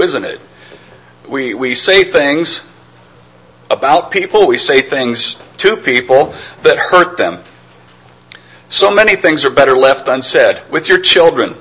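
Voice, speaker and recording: Middle-aged male preacher, husky tone, earnest and reflective sermon delivery. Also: fairly high pitch, fairly bright tone, low-quality recording. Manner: earnest, reflective, with stammered restarts.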